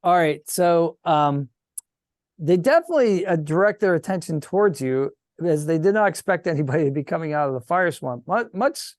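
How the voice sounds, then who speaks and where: A man's voice: fairly high pitch, lively intonation, moderate pace, no room sound. A man narrating as game master of a tabletop game over a video call, rambling and correcting himself.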